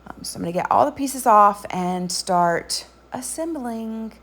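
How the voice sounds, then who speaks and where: A woman narrating a craft tutorial voice-over in a relaxed, chatty way with frequent ums. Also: medium pitch, measured pace.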